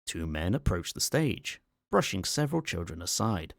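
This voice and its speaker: A man reading a horror story aloud as an ASMR narrator, calm, measured and matter-of-fact, on a close microphone. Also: low voice, vocal fry, no echo.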